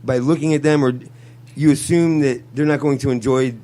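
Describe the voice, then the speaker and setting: A man hosting a live talk show, joking crudely and laughing loudly. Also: medium pitch, fairly even intonation, a little fast. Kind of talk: casual chat. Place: radio studio. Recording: music playing under the voice.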